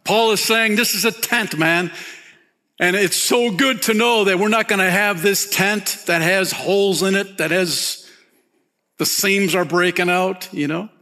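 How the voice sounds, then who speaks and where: A pastor preaching a sermon, casual and animated, peppering his talk with "man" and "you know". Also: a little slow. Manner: animated, rises high when excited, softens and drops low near the close.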